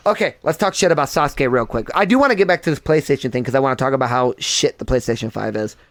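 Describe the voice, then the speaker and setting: A young man hosting a podcast in casual chat, ranting in an animated, profane way. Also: medium pitch, quick pace. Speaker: podcast host.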